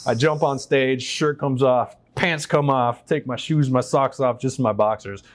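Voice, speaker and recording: A man's voice: mid-range voice, steady tone, a little slow. A man and military veteran, an interview guest telling personal stories in a casual, candid way, swearing freely and acting out the voices of people he quotes. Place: stage in his shop.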